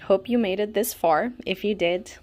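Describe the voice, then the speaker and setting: A woman's voice: medium pitch, moderate pace, a little mellow. A young woman vlogging an unboxing, dramatically exasperated, pleading and laughing as she talks. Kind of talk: casual unboxing commentary.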